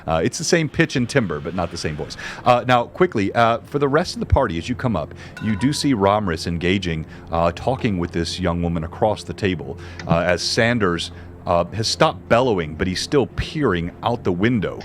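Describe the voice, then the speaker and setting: A man narrating a tabletop game as game master, in a measured, descriptive way. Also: low-pitched, lively intonation, soft background music.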